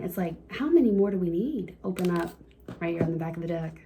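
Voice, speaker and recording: A woman giving a casual, encouraging card reading to her viewers, chatty and quick to laugh. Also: lowish voice, lively intonation, mellow, a little hiss or hum. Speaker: tarot reader.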